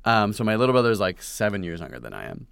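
A male podcast co-host with a fairly low voice tells stories with energy, leaning on plenty of casual fillers. He sits close to the mic in a dry, dead room. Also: rapid-fire, gravelly, smooth, no room sound. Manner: storytelling, energetic, many fillers.

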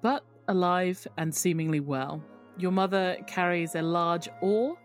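A woman's voice: lowish voice, steady tone, measured pace, faint music behind. A woman narrating as game master, chatty and giggly, with many fillers.

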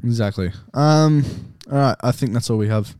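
A man's voice: medium pitch, normal speed, mellow, dry recording, clean studio sound. A young man co-hosting a casual podcast, jokey and loose, often laughing and swearing. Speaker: podcast co-host. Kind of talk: casual chat.

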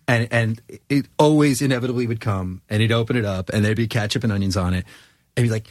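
A man's voice: medium pitch, fast, no room sound. A man in a band chatting casually, swearing a lot while telling road stories. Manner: profane, storytelling. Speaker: band member. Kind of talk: casual chat.

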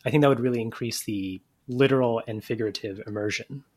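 A man's voice: mid-range voice, fast talker. A man, a comedian guest on a podcast, making mock-earnest suggestions in a dry manner. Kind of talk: casual comedy podcast chat.

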